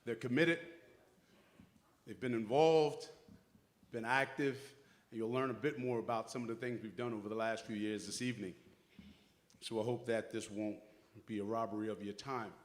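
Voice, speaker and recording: A man's voice: lowish voice, steady tone, fairly quick. A middle-aged man as master of ceremonies, giving an uplifting speech in a church hall with folksy storytelling that acts out quoted voices.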